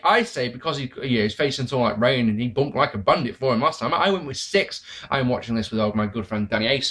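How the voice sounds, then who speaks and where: Man, sarcastic, swearing, lively pitch, casual review host. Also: fairly quick, few pauses. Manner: sarcastic, swears, laughs at the matches. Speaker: wrestling review podcast host.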